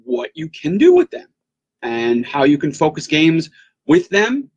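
A male podcast co-host with a slightly high-pitched voice. He talks casually and hesitantly, with many fillers and restarts. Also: big pitch swings, unhurried, vocal fry, husky, highs cut off. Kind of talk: casual chat.

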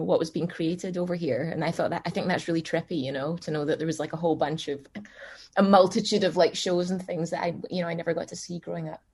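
Chatty Glaswegian woman, lowish voice. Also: a little mellow, husky. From Scotland. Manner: chatty, many restarts and fillers. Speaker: voice actor guest. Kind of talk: casual conversation.

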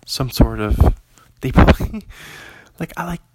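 A man's voice: mid-range voice, expressive, measured pace, very noisy. A young man rambling casually through a film list, chatty and digressive, reading listings aloud and laughing often. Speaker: commentator reviewing an actor's films.

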